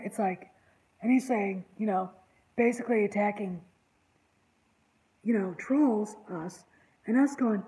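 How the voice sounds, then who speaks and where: An exasperated online channel host rambles through commentary in a casual panel chat, her medium-pitched voice warm and unhurried with long pauses. The recording is rough.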